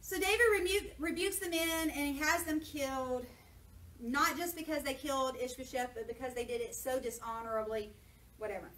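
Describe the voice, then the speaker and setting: A woman preaching a lively sermon, retelling scripture casually and acting out the voices of people in it. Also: high-pitched, moderate pace. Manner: lively, jokey, acts out voices of people in the story. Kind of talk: sermon with playful paraphrase. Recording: echoey church from a distance, faint noise.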